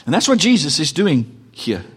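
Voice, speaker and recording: Middle-aged South African male pastor, animated preaching with dramatic pauses, in a reverberant hall. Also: a little high, slightly rough. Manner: animated, dramatic pauses, swings from loud to hushed. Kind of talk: sermon.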